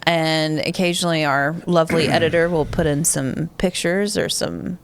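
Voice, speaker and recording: Lower-voiced woman hosting a casual podcast. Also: normal speed. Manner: chatty, laughs easily. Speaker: podcast host. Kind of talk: casual chat.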